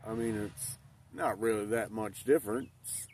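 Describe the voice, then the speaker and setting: A middle-aged man from Newfoundland with an Ontario Canadian accent, chatting in a relaxed, rambling way with many hesitations at his campsite. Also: fairly low pitch, moderate pace. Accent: Ontario Canadian, faint Newfoundland. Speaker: camping vlogger. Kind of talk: casual chat. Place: outdoor campsite in the woods. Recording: distant outdoor mic with faint noise.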